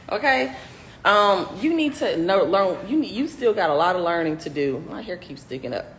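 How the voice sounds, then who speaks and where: A woman who coaches software testers, chatting casually on a livestream and talking straight to her viewers. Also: low voice, a little hiss or hum. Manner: lively, chatty, greets viewers loudly.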